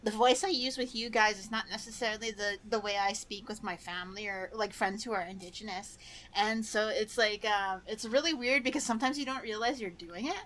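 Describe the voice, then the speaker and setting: A woman's voice: mid-range voice, brisk, a bit bright. A woman from Canada in casual podcast chat, talking loosely with lots of "like" and frequent laughs. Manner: chatty, laughing often, lots of "like". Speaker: podcast co-host.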